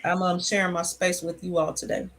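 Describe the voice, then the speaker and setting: A woman hosting a casual livestream from her home, talking in a relaxed, rambling, reflective way. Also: lowish voice, brisk. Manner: talks with food in her mouth. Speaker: channel host.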